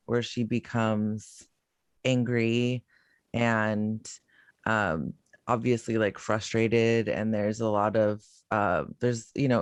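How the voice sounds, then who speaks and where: Man, podcast host, slow pace, dry audio, loose and deliberate. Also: mid-range voice, clear, resonant tone, no room sound. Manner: deliberate, loose, with many fillers. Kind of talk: interview, summarizing a case.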